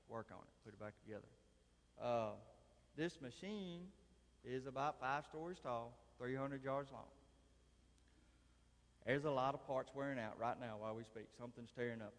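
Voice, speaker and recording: A man, preaching a folksy sermon with a conversational, drawling manner and dry humor. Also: mid-range voice. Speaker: lay preacher. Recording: long reverb of a large hall.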